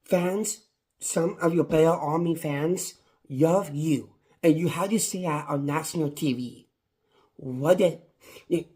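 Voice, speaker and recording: A man's voice: on the high side, a little mellow. A man reviewing a wrestling show on his own, in a passionate, repetitive rant. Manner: impassioned, ranting, repetitive. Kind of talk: casual solo review.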